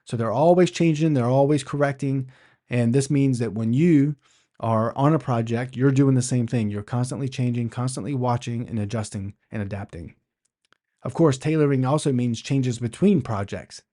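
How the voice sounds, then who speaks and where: Mellow-voiced man teaching project management. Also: mid-range voice, normal speed. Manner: conversational teaching with rhetorical questions; restarts phrases often. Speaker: podcast host. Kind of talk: instructional podcast talk.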